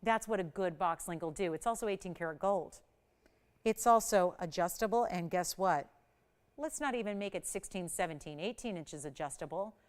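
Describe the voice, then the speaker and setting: A woman's voice: fairly low pitch, normal speed. A middle-aged woman hosting a live shopping channel jewelry segment, chatty and enthusiastic, talking straight to the viewers. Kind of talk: live TV jewelry sales pitch.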